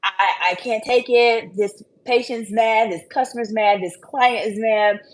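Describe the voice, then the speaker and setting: A woman acting out a panicked, stressed-out worker who complains frantically about a crisis, pitched higher and louder than her usual voice. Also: measured pace, lightly acted.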